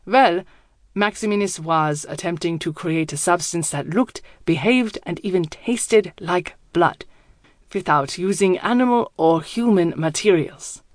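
Woman putting on a deep german professor guy, polite and formal, dry close sound, storybook voice. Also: unhurried, darkish tone, no room sound, lightly acted. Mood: courteous.

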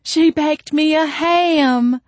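A woman's voice: high voice, very slow, dry recording, voice pushed up. A woman voicing a gushing, teary pregnant young werewolf woman, sighing and squealing her lines. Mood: delighted.

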